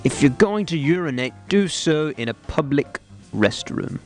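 A man hosting a comedy radio show, rambling in a mock-earnest, deadpan way. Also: on the high side, measured pace, soft background music. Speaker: radio host.

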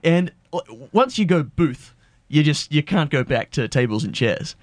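A man's voice: fairly high pitch, sing-song, measured pace, no echo. An Australian man co-hosting a radio show, ranting in a playful, mock-indignant way. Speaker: radio co-host. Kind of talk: casual radio banter.

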